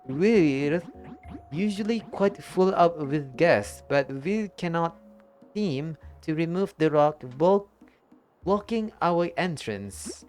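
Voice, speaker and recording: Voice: mid-range voice, expressive, drawn-out words, hardly any pauses, faint music behind, voice pushed up. A streamer reading game dialogue aloud in character, voicing a welcoming, formal lodge keeper with a put-on accent. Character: cheery lodge keeper hosting a guest by a volcano.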